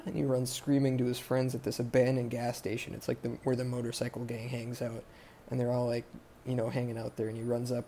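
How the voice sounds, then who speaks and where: A man's voice: mid-range voice, completely flat delivery, fast, dark tone, slight background noise. A man hosting a podcast, casually recapping a movie plot in a rambling, profane way full of fillers. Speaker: podcast host.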